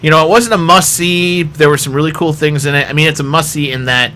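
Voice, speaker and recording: Male podcast host, bright voice, casual panel chat in a studio, faint background hiss. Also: on the high side, quick pace. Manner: leads discussion, asks panel for ratings.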